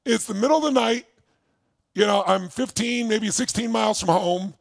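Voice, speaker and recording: A man with a raspy, gravelly voice that sits a bit high for a man speaks as a motivational speaker. He tells his life story in a storyteller's way and pushes hard to fire up the crowd. The sound is dry and close, with no room echo. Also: moderate pace. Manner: shouts to rouse the crowd, then storytelling. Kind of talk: motivational talk to a live audience.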